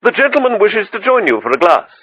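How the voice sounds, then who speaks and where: Prim, clipped waiter, higher-pitched, read by a man; dull dry sound. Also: very animated, quick pace, fairly bright tone, slightly rough, dry recording, exaggerated voice. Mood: deferential. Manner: polite and clipped, lots of "sir". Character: formal, deferential London waiter. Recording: dull, dry audiobook recording.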